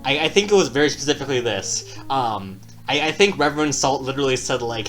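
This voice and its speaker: A man's voice: medium pitch, expressive, fast, a bit bright. Man, podcast co-host, game master, casual chat, laughing, swearing, faint music underneath. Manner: laughs often, swears casually, loose storytelling.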